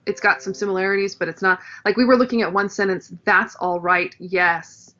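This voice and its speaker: Bright-voiced woman in lo-fi chat. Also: medium pitch, brisk. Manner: animated, demonstrates dialect sounds, laughs often. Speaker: guest, actress and dialect coach. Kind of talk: casual podcast chat.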